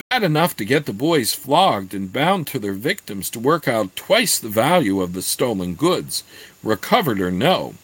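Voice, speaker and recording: A man reads a novel aloud slowly, with lively rises and falls in pitch. His voice is slightly husky, and the recording is dry and close. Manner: slow, expressive, halting in asides. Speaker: reader. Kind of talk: reading a novel aloud with commentary.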